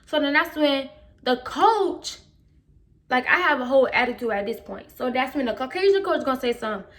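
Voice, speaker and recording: Storytime vlogger, a woman with a higher-pitched voice, slangy, emphatic, replays her own past comments. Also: expressive, fairly quick, fairly bright tone. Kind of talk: casual storytime.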